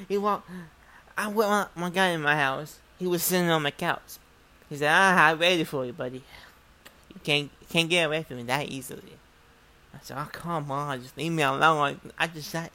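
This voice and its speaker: With a fairly high, bright voice, a drawl, and a forceful tone, a man spins a chaotic tale in casual, profane speech. He rambles, keeps restarting, and plays every side of the dialogue himself.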